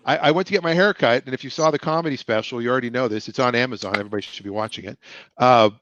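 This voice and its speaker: A man's voice: mid-range voice, rapid-fire, fairly bright tone. A middle-aged man hosting a casual livestream chat over a video call. He rambles through stories and acts out other people's lines. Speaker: livestream show host. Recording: dull, lo-fi, dry sound.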